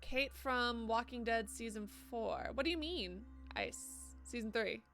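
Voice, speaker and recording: A woman's voice: fairly high pitch, lively intonation, measured pace, a bit bright, soft background music. A young woman streaming a game live, chatting casually and cursing as she reads viewer messages aloud. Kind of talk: live gameplay commentary.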